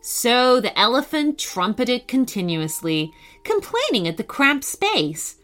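A woman narrating a children's story in an expressive, playful storybook manner, with faint music behind. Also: a little high, measured pace. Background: faint background music.

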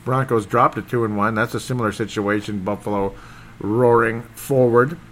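Rambling excitable man recapping football. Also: fairly low pitch, normal speed. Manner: rambling, excitable, loses his train of thought. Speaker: sports show host. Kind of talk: casual solo sports commentary.

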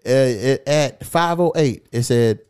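A man's voice: medium pitch, a little slow, clean tone. A man hosting a casual podcast, telling a profane story, reading old text messages aloud and mocking the sender. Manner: animated, mocking. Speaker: podcast host.

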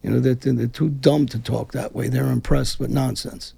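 He speaks at normal speed in a medium pitch with fairly even intonation, his voice gravelly, warm and husky. A middle-aged Brooklynite, he's a combative, blunt interview guest who rambles and restarts in a heated conversation.

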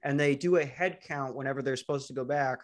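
A man's voice: medium pitch, quick pace. A man hosting a casual podcast over a video call, teasing and crude with his guests. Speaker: podcast host.

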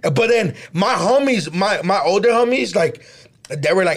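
A man's voice: high-pitched, animated, measured pace, slightly rough. A man co-hosting a podcast, telling stories in casual chat with street slang and some Spanish words. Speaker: podcast co-host.

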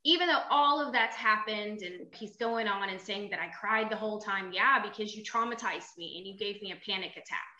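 A woman guest tells her side of events in plain, earnest conversation. Her tone is bright and forceful. The sound carries a noticeable roomy echo. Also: medium pitch, a little fast, few pauses. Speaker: guest, salon owner. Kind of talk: casual interview talk.

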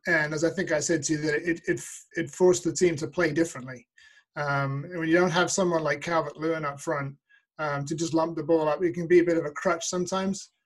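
A man guest on a football podcast call, thoughtful and measured, with many ums. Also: fairly high pitch, low-quality recording. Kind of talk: casual football podcast chat.

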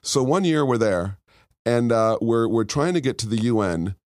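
A man's voice: mid-range voice, animated, normal speed, darkish tone, dry recording. Middle-aged male podcast co-host, rambling tangent-prone storyteller, dry close mic. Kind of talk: casual chat.

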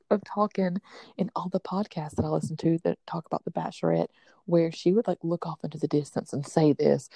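A woman co-hosting a book podcast in casual chat, chatty and quick to laugh, with lots of fillers. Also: on the low side, vocal fry, warm tone, no echo. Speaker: podcast co-host.

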